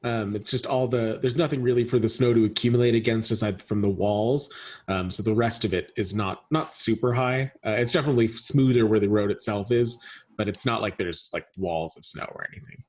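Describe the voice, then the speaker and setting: A man narrating a tabletop game as game master, talking haltingly with frequent restarts and fillers. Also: on the low side, a little mellow.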